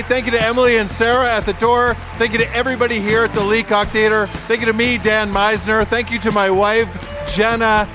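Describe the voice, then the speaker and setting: A man hosting a live show on a theater stage, closing it with booming, rapid-fire thank-yous. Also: little pitch movement, music in the background. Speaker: show host.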